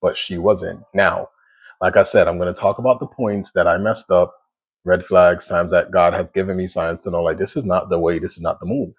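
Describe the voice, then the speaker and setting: Casual storytelling from a man with a very low voice. he talks in a loose, conversational way and keeps restarting his sentences. slow, reflective pauses run through it, like he's thinking out loud as he goes. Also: level tone. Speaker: single dad sharing his testimony.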